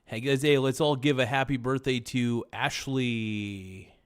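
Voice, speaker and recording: A man's voice: medium pitch, fairly even intonation, a little slow, clean tone. A man hosting a casual livestream, rambling and joking with viewers in chat. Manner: rambling, jokey, chants silly phrases. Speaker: livestream host.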